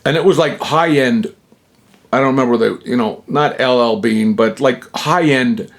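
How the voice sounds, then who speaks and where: Gravelly man telling a rambling story. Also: mid-range voice, normal speed. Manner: rambling, acts out quoted dialogue; frequent fillers and self-interruptions. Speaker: channel host. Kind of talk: casual first-person storytelling.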